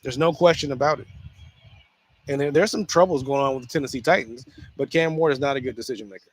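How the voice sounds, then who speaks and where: A man hosting a casual solo sports talk show, speaking in an animated way with frequent restarts and repeated phrases. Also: medium pitch, fast, no room sound.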